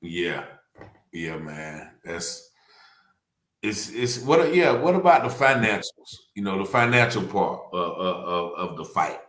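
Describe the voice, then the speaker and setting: A man's voice: sits low, big pitch swings, a little slow, fairly bright tone. A man hosting a talk show, hesitant and repeating words as he searches for them. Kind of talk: casual conversational interview. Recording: roomy echo.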